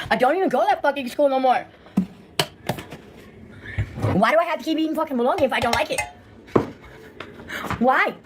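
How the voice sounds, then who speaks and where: Indignant, swearing woman on a noisy live stream. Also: high voice. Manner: profane, indignant, repetitive. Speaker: livestreamer.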